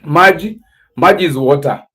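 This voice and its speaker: A man with an East African accent hosting a casual livestream, teaching words slowly and spelling them out letter by letter. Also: on the high side, fairly bright tone, slight background noise, rough recording. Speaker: livestream host.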